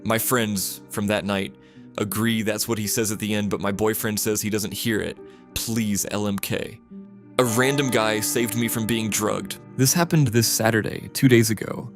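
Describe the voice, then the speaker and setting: A man reading first-person stories aloud as scripted narration, in a steady, flat reading manner. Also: fairly low pitch, creaky. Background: music.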